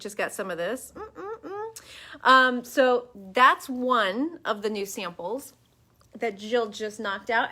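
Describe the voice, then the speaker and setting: A woman hosts a relaxed live chat from her yarn shop, talking to a webcam. She is chatty and enthusiastic, full of little fillers, and her voice has a bright, clear edge. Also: mid-range voice. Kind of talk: casual live-stream chat.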